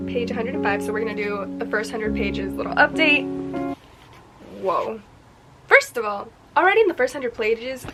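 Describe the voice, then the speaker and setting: A young woman in her twenties recapping a book in a casual reading vlog, excitable and chatty, acting out the characters' lines as she goes. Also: fairly high pitch, vocal fry, poor audio. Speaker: book vlogger.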